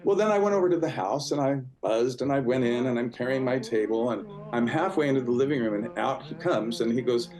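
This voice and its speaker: A man's voice: medium pitch, brisk, hardly any pauses, a crowd in the background, low-quality recording. A man in his sixties, a guest in a casual interview, telling stories in a chatty way with many fillers and restarts. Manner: warm, chatty, full of fillers and restarts, acts out quoted voices.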